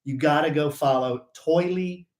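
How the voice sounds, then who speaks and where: A man's voice: fairly high pitch, unhurried, a little mellow, echoey room. A man co-hosting a podcast, talking in a playful, giggly way. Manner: playful and giggly, fond of silly jokes. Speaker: podcast co-host. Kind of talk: casual podcast banter.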